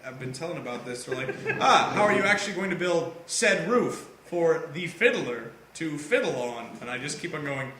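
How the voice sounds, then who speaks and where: A high-pitched man with a very bright, ringing voice, telling stories in an animated, casual way and breaking into loud laughs. He sounds like he is in an echoey room with a faint hiss behind him. It comes across as a relaxed chat among friends. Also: moderate pace, few pauses. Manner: animated, laughs loudly and often. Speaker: podcast co-host.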